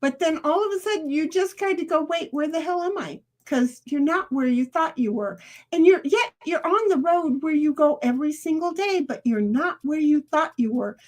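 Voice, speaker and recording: A woman's voice: sits high, moderate pace. A woman streamer chatting casually with her viewers, rambling and laughing often. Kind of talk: casual live-stream chat.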